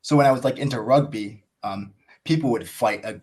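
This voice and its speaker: An American man chats as a guest on a podcast, eager and rambling, his sentences looping through fillers. His voice sits at a middling pitch for a man. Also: fairly quick, a little mellow, husky. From USA. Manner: enthusiastic, rambling, heavy use of "like" and "you know". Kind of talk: casual interview storytelling.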